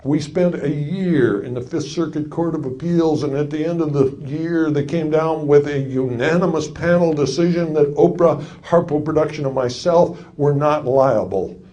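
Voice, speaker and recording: A man's voice: fairly high pitch, normal speed, hardly any pauses, mellow. An older man telling a courtroom story to a live audience in a folksy, wry way, landing punchlines and acting out quotes.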